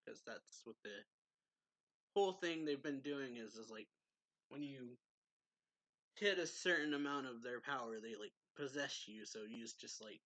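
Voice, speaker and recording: A man's voice: mid-range voice, unhurried, long pauses, pushed and bright. A man casually recapping a manga chapter as a reviewer, chatty and loose, with lots of "like" and "so yeah" and frequent chuckles. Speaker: anime reviewer.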